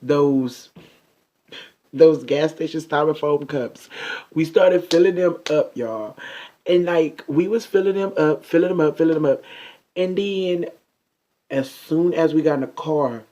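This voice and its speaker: A young man telling a funny storytime vlog, animated and chatty, often turning to talk straight to his viewers. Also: on the high side, measured pace, highs cut off. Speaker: vlogger.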